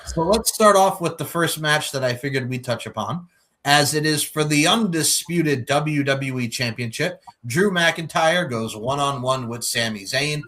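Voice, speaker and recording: Bright-voiced joking podcast host man. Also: on the high side, measured pace. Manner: profane, joking, breaks into mock voices. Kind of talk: casual podcast chat.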